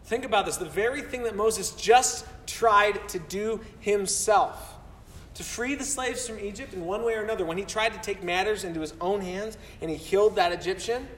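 A man preaching to his congregation, his voice pitched notably high. He speaks earnestly and doubles back on words when he presses a point. The sound comes from a distance and rings through a large, reverberant sanctuary. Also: moderate pace, a bit bright. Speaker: pastor. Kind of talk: sermon. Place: church sanctuary. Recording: roomy hall from far off.

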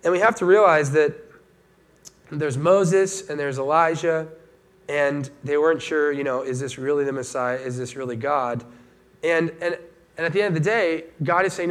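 A man giving a casual sermon as a pastor, talking in a conversational, animated way and acting out the voices of people he quotes. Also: a little high, normal speed.

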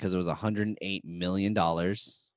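A man's voice: sits low, fairly even intonation, moderate pace. A man casually running a guessing game with friends, teasing and playful. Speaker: quiz host. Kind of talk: casual group chat.

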